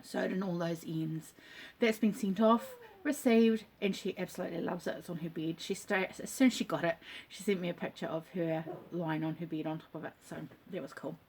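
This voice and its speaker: A woman's voice: lowish voice, brisk, few pauses, a little mellow. A middle-aged woman chatting casually to camera about her crafts from her home, rambling with lots of ums and the odd cough. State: coughing now and then. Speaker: crafting vlogger. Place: home dining nook.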